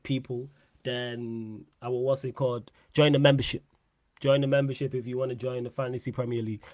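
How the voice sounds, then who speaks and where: A man's voice: medium pitch, no room sound. Slangy young man hosting a stream. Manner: animated, laughing slang-heavy banter, repeats phrases. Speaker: podcast host. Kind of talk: casual live-stream chat.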